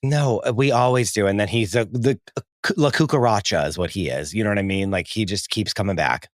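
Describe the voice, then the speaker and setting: A young man co-hosting a comedy podcast, chatting casually in a giggly, animated way. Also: lowish voice, fairly quick, dry recording, studio quality. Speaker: podcast co-host.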